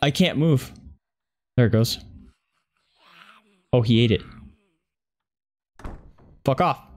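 A man's voice: mid-range voice, slow, darkish tone. A young man streaming a horror game, muttering and cursing at his keyboard as he plays. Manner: frustrated, swearing, talking to himself. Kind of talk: casual gameplay commentary.

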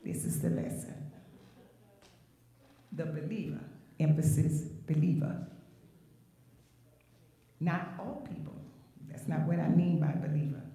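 A woman's voice: low voice, unhurried, pauses often, dark tone, recorded from a distance. A woman pastor preaching a sermon, emphatic and rhythmic, drawing out her phrases. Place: large church sanctuary. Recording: very echoey sanctuary, voice from afar.

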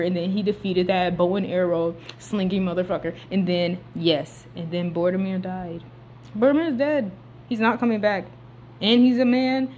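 A young woman, casually recapping a movie in slangy talk that swings between hushed asides and loud outbursts. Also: medium pitch, steady tone, normal speed, a little hiss or hum.

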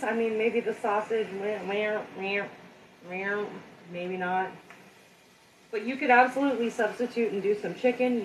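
A woman's voice: mid-range voice, distant mic. Woman, casual live cooking chat, self-deprecating, speaking to viewers, roomy kitchen, faint background hum. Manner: chatty and self-deprecating, talks to viewers directly. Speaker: home cook hosting a live cooking stream. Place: home kitchen.

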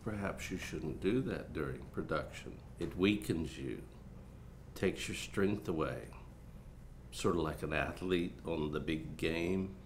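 A man's voice: rumbling low, unhurried, a little hiss or hum. An actor playing a pompous, self-important film director who coaches his cast in a condescending way. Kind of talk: student film acting.

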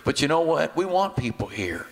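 A middle-aged man, a pastor, preaching a sermon in a church, shifting between loud exclamations and quiet asides. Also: a little high, very animated, moderate pace, gravelly. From United States. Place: church sanctuary. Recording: church hall reverb.

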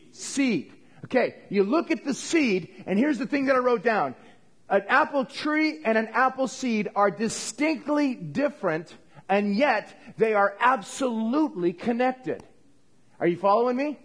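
A man with a notably high voice preaching to his congregation. He talks plainly and directly, stopping often to ask the room for an amen. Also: expressive, measured pace, a bit bright. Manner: conversational preaching, asks for amens. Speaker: pastor. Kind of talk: sermon.

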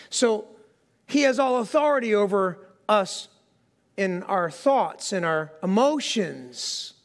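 A pastor delivering a sermon to his congregation, talking in a relaxed, conversational way and poking fun at himself. His speaking voice sits quite high for a man. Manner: conversational, self-deprecating, asks the congregation questions. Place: church sanctuary before a congregation.

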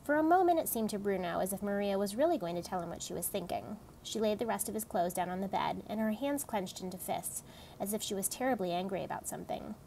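A woman reading a novel aloud in a steady, plain storytelling manner. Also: mid-range voice, slight background noise, rough recording. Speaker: audiobook reader.

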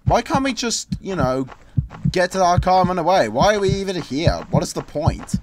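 A man's voice: sits high, sing-song, normal speed, background noise. Exasperated man yelping through horror gameplay. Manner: sarcastic, exasperated grumbling with sudden screams. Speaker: gameplay commentator. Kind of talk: horror game let's play commentary.

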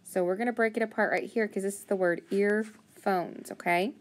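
A woman's voice: mid-range voice, steady tone. Patient woman teaching phonics. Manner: patient, encouraging, sounds words out slowly. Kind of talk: phonics lesson, thinking aloud.

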